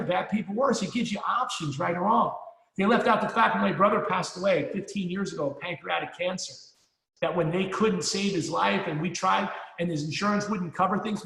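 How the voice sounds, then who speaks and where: A man's voice: sits high, gravelly, a bit bright. A middle-aged man giving a punchy, rallying motivational speech at a sales meeting, swearing casually and repeating himself for emphasis. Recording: echoey hall, long reverb.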